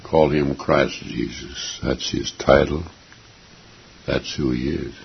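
A man preaching with a very deep, gravelly and raspy voice, slow and deliberate. He is earnest and emphatic, repeating key phrases for weight. The recording is dull and lo-fi. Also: steady tone, slight background noise. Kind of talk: sermon.

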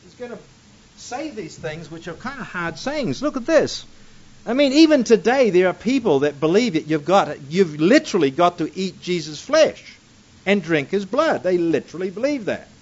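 A man giving verse-by-verse Bible teaching in a fairly high, very lively voice. He reads scripture aloud and then presses his points home with emphatic asides. The recording is dull and lo-fi. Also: normal speed.

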